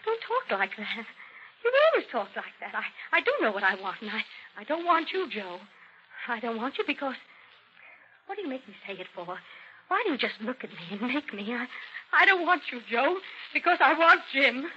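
A woman's voice: a little high, big pitch swings, normal speed, sharp tone. An actress playing an emotional, pleading woman torn between two men, stammering in a 1940s radio acting style, on a dull, faintly hissy old radio recording.

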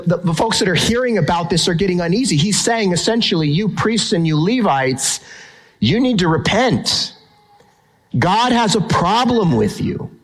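A male pastor preaching a sermon in an emphatic way, slowing down to stress key phrases. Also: fairly high pitch, rough recording. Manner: emphatic, builds tension, slows down for key phrases.

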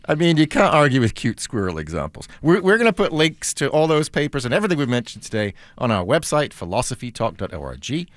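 A man's voice: medium pitch, big pitch swings, fairly quick, hardly any pauses, no room sound. A man hosting a public radio talk show, wry and playful.

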